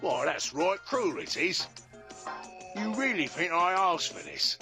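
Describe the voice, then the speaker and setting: A man's voice: high voice, big pitch swings, a little slow, gravelly, heavily acted. A man voicing a slangy, self-pitying male labour robot with a Cockney accent, over music. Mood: grumbling chummy.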